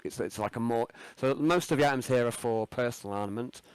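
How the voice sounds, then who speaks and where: A man running a tabletop game as game master, relaxed and full of ums and restarts. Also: mid-range voice, quick pace, clear, resonant tone, dry recording.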